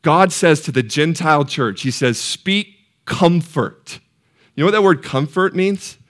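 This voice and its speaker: Passionate preacher man, hushed to soaring. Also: on the high side, animated, moderate pace. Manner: asks the congregation questions. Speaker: pastor. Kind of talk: sermon. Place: church sanctuary.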